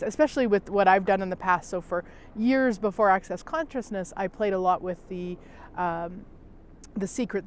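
Gentle, reflective woman talking. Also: medium pitch. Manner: gentle, repetitive, unhurried, with soft sighs. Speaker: self-help host. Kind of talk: reflective personal talk.

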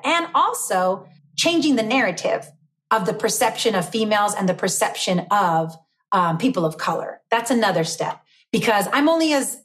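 A woman's voice: medium pitch, a bit bright. A middle-aged woman, a school superintendent, answering interview questions in an earnest, emphatic way.

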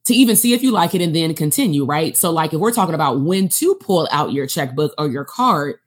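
Low-voiced woman podcast host. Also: lively intonation, fairly quick. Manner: chatty, restarts, coaching tone. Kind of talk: casual interview talk.

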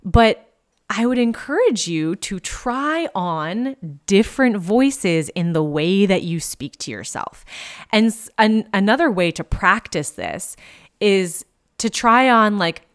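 A woman's voice: mid-range voice, expressive, slow pace. A woman in her thirties, a coach talking casually and candidly on her podcast, with lots of fillers and the odd swear.

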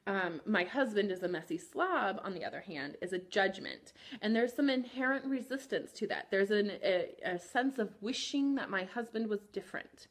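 A woman in her thirties hosts her own podcast, talking in a gentle, candid, reflective way. Her pitch sits at an ordinary middle height for a woman. She pauses often and fills the gaps with soft "um"s. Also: animated. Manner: gentle, candid, frequent "um" fillers. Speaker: podcast host, therapist. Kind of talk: reflective personal talk.

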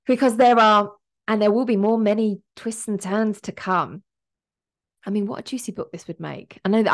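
A woman in her thirties talks through a solo podcast episode. She speaks as a business coach, upbeat and motivational, sometimes emotional, with plenty of everyday fillers. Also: fairly low pitch.

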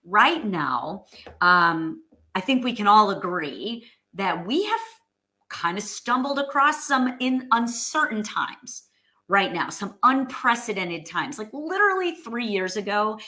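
Woman, thirties, bright and forceful tone, casual live-stream chat, lots of ums and restarts, greets viewers by name. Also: mid-range voice, big pitch swings, measured pace. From New York. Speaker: host of live stream, sales coach.

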